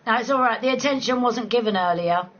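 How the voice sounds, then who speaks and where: A woman's voice: a little high, fast talker, fairly bright tone, muffled recording. A woman, chatting casually and playfully on a late-night livestream from home, swearing freely and laughing often. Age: 40s. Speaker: livestream host chatting with viewers.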